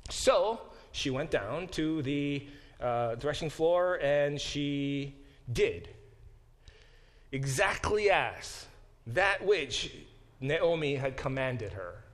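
Speaking very slowly in a fairly high voice, a man lectures a Bible class conversationally. He animatedly voices quoted lines and often restarts what he's saying.

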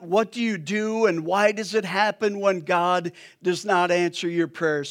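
Male pastor preaching; talks to the congregation conversationally, unhurried and light. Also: high voice. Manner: conversational, joking asides to the congregation. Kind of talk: sermon.

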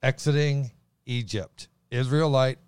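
Man, booming, excitable, stumbling restarts, dry sound. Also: measured pace, clean tone, dry recording. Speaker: Bible teacher co-host. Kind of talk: excited Bible teaching chat.

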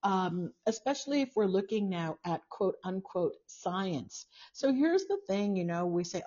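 A woman's voice: mid-range voice, lively intonation, measured pace, few pauses, mellow. A woman in her sixties hosting a casual live-stream talk, musing aloud with many fillers and asides. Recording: dull lo-fi sound.

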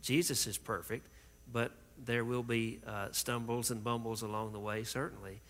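A man hosting a church interview as pastor, earnest and gently affirming. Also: medium pitch, little pitch movement, moderate pace, long reverb tail.

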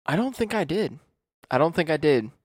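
Male podcast host, laughing, swearing, animated pitch, dry close mic. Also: moderate pace, no echo. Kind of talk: casual podcast banter.

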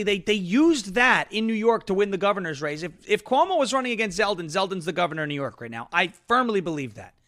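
A man's voice: high-pitched, pushed and bright. A man hosting a political talk livestream, ranting with a combative, sarcastic edge. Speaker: political talk show host.

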